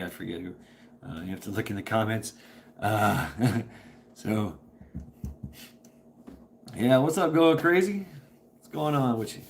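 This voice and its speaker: A man's voice: lowish voice, vocal fry, a little hiss or hum. A man hosting a casual livestream from home, rambling, laughing often and swearing freely. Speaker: livestream host. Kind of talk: casual chat. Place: at home, indoors. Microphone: camera propped on a table.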